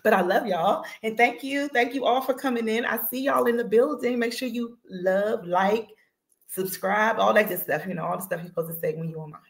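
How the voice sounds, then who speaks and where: Excitable chatty woman hosting a podcast. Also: mid-range voice, fairly quick, creaky. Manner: excitable, chatty, laughs easily, slangy. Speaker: podcast host. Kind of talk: casual livestream chat.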